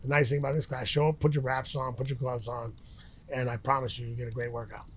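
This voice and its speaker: A man's voice: medium pitch, level tone, fast. Middle-aged guy rambling by the campfire, lots of restarts, faint hiss behind. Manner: rambling, many restarts and fillers. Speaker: interview guest, retired fighter. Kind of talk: casual interview by a campfire. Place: outdoors by a campfire.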